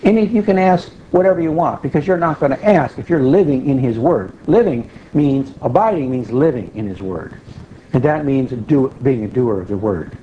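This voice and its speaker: A man's voice: medium pitch, lively intonation, moderate pace. A man giving a conversational Bible teaching, explaining patiently and repeating key phrases for emphasis. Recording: dull lo-fi recording with faint hiss.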